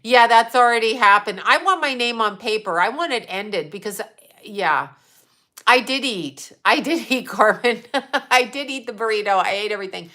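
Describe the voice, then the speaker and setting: A woman's voice: on the high side, expressive, normal speed, bright, forceful tone. A woman in her fifties chatting casually on a livestream, blunt, sarcastic and profane, laughing often as she answers viewers. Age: 50s. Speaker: psychic medium and livestream host.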